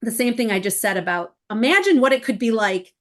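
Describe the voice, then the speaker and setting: Animated woman explaining with acted quotes. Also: fairly high pitch, fairly quick. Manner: animated, acts out quoted emails and parents. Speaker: college essay coach. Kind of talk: interview guest explaining.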